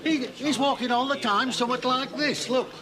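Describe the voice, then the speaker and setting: An actor playing a blunt, indignant old farmer. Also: male voice, very high-pitched, normal speed, crowd noise. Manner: blunt, gleeful, miming animals. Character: blustering comic old farmer complaining of swindle.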